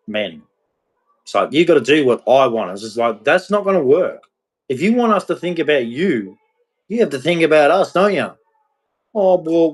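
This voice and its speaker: A man talks bluntly and at length, rambling from point to point and leaning hard on his emphasis. His voice sits at an ordinary middle pitch, and the delivery feels like a candid, unscripted rant. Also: rough recording. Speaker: podcast host. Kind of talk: candid relationship monologue.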